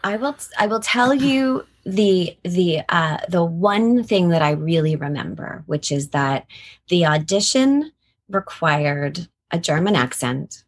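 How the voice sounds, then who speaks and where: A woman's voice: lowish voice, takes it slowly. A middle-aged woman, a voice actor, chatting animatedly in an interview. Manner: animated, chatty, laughs often. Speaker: voice actor guest. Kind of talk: casual interview chat.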